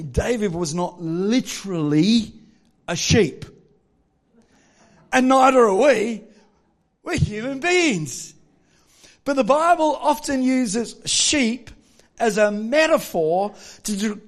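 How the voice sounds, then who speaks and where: A man delivers a sermon in a high, light voice. He speaks slowly and deliberately, leaning hard on key phrases and slipping in gentle humor. It sounds like a pastor at the pulpit in church. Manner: emphatic, slow and deliberate with rising force.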